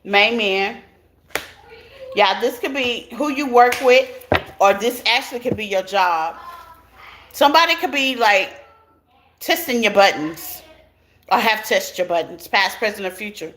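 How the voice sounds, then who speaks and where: A woman's voice: medium pitch, expressive, measured pace, pauses often, fairly bright tone. A woman giving a casual tarot reading to her viewers, chatty and laughing often as she talks straight to them. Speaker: tarot reader. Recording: clear background noise.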